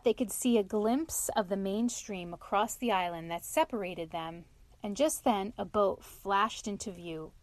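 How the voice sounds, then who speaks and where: A woman narrating a classic animal storybook in a gentle, measured reading. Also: mid-range voice, no room sound.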